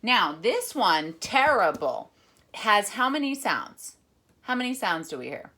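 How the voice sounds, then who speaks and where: A woman teacher reading a picture book aloud with lively emphasis, then patiently explaining a rhythm lesson. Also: mid-range voice, measured pace, a little hiss or hum. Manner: animated, expressive reading with dramatic emphasis; patient, encouraging classroom explanation. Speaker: music teacher.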